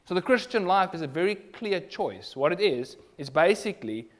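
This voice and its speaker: Guy preaching, pretty high voice, earnest, gets loud then real quiet. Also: sing-song, moderate pace. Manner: earnest, varies between loud emphasis and hushed asides. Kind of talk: sermon.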